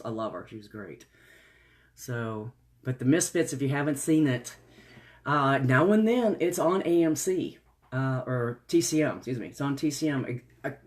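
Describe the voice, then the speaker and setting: A woman chatting casually on a live stream, greeting viewers by name, rambling from topic to topic with frequent laughs and exclamations. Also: very deep voice. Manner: gushing and exclamatory, laughs often.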